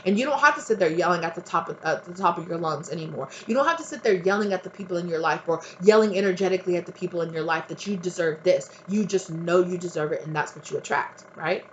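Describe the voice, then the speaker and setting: Speaking directly to the viewer and repeatedly asking "right?", a tarot reader gives casual spiritual advice in a blunt, emphatic monologue, swearing freely. Her voice is fairly low, the highs are cut off, and there's slight background noise.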